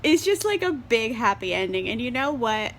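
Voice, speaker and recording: Her voice runs high and sing-song at a normal speed, with slight hiss or hum in the background. She's a young book vlogger reviewing a book while tipsy from wine, bubbly and laughing often, dropping swear words and plenty of "like."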